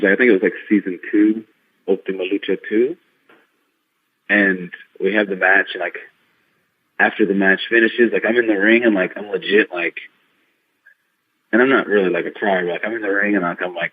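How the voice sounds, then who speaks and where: Excitable young-sounding man on a tinny line. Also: sits low, husky. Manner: rambling, filler-heavy, excitable storytelling. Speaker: podcast guest, wrestler. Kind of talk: casual interview chat.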